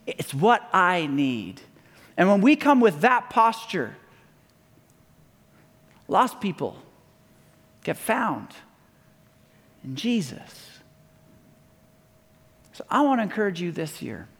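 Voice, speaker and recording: A man with a high voice preaches a sermon, retelling stories casually and putting on quick voices for the people in them. His words ring out with a long reverb, as in a church sanctuary. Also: very animated, fairly bright tone, husky. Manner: conversational storytelling, acting out quoted voices. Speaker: pastor.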